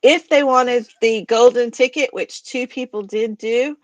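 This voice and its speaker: A woman's voice: on the high side, unhurried, no room sound. A woman from East Texas with an East Texas accent, co-hosting a live poetry stream in casual chat and laughing often. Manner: laughs often, explains rules plainly. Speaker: poetry society co-host.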